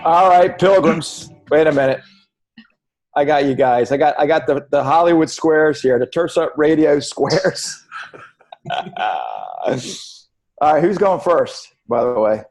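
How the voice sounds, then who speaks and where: A male radio host with a high voice that leaps all over the place. He talks in a loose, jokey ramble, tripping over his words and starting lines again. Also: sing-song, takes it slowly, darkish tone, faint music behind. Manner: rambling, jokey, stumbles and restarts. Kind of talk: casual chat.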